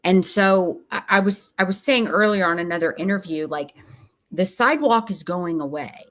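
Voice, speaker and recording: A woman's voice: on the low side, normal speed, a bit bright. A woman speaking as an interview guest, earnest and emphatic, sometimes acting out what other people say. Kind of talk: casual interview talk.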